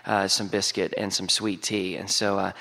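A man's voice: sits low, level tone, normal speed, vocal fry, bright, forceful tone. A man with a Southern US accent preaching a humorous sermon, telling the story in a folksy, joking way. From Southern United States. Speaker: pastor. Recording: long hall reverb.

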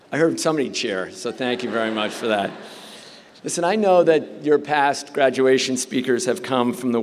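A middle-aged man giving a commencement speech, telling joking stories at his own expense. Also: mid-range voice. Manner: joking storyteller, self-deprecating. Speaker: commencement speaker. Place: large hall at a graduation. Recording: long reverb of a large hall.

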